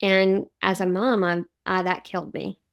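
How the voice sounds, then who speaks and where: A woman's voice: mid-range voice, little pitch movement, moderate pace, vocal fry, muffled recording. A woman in her thirties hosting a podcast, telling a personal story in a heartfelt, reflective way. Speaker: podcast host. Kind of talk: casual podcast conversation.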